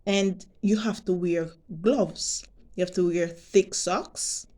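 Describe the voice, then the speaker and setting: Slow, mellow-voiced Jamaican woman. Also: fairly low pitch, fairly even intonation. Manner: deliberate, emphatic, repeats herself. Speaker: vlogger. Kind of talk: direct-to-camera monologue.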